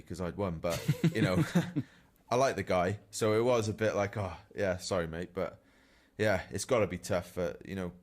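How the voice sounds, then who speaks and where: Low-voiced man telling race stories. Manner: anecdotal, chuckling storyteller. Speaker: professional cyclist, podcast regular. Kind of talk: casual podcast chat.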